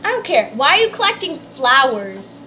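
A woman hosting a let's play, chatting excitedly and explaining the game as she goes. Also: sits high, normal speed, a little hiss or hum. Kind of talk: casual gameplay chat.

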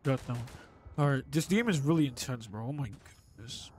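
A young man giving excitable gameplay commentary, exclaiming and swearing under his breath. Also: mid-range voice, fairly quick, slight background noise. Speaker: gamer. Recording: game gunfire and beeps behind.

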